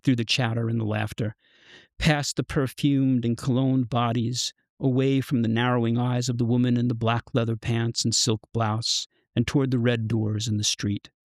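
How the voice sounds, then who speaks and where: A man's voice: medium pitch, no echo. Man reading his own fiction, dry and close. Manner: measured, even narration. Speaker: author reading his story.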